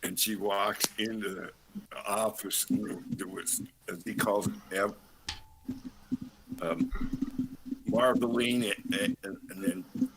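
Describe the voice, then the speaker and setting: A man from California calling in to a live chat and telling a story, with halting restarts. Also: fairly low pitch, fairly even intonation, heavy background noise. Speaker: regular caller. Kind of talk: casual chat.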